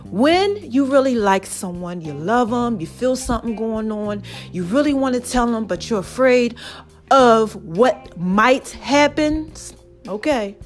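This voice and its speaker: Chatty high-voiced woman podcast host. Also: expressive, unhurried, soft background music. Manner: chatty, addresses listeners directly as "baby" and "y'all". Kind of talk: casual storytelling monologue.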